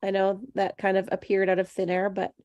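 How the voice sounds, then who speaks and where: A woman's voice: mid-range voice, monotone, brisk, darkish tone, no echo, lo-fi sound. Hesitant woman recapping a story. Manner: hesitant, with many fillers. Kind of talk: casual chat recapping a story.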